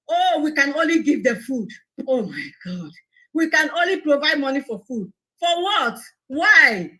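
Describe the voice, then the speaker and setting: A woman's voice: high-pitched, fairly bright tone, low-quality recording. A woman making an impassioned, pleading appeal on a live broadcast, indignant and repeating herself.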